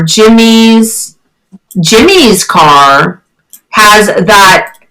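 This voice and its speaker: Animated, bright-voiced woman teacher. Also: low-quality recording. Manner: encouraging, chatty, questions with rising pitch. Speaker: online English teacher. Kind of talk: one-on-one online lesson.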